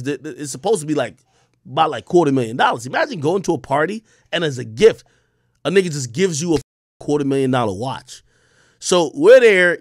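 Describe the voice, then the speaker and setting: A man's voice: a little high, no echo, studio quality. A young man from the Bronx, telling a rambling, profane story as a streamer host. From the Bronx, New York. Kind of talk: casual storytelling monologue.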